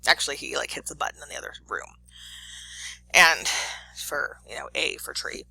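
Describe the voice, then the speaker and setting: Chatty professor with a gravelly, bright voice. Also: medium pitch, animated, normal speed, poor audio. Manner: chatty, uses many fillers and acted quotes. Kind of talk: casual classroom lecture.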